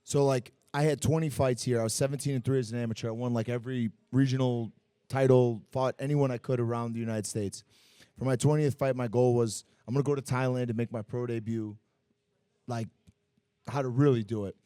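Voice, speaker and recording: A man's voice: medium pitch, brisk, smooth, no room sound, clean studio sound. Profane, rambling man telling fight stories. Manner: animated, profane storytelling full of fillers. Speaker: Muay Thai fighter and promoter, guest. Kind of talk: casual storytelling in a podcast interview. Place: bar and grill.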